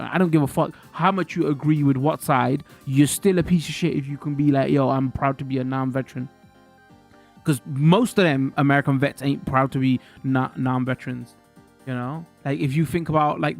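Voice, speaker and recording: A man hosting a live stream, chatting casually in a blunt, slangy, profane way that keeps turning into a rant. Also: a little high. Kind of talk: casual rambling stream chat.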